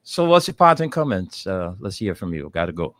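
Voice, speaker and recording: A man co-hosting a radio show, briskly wrapping up the segment. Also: deep voice, big pitch swings, fairly bright tone. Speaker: radio co-host.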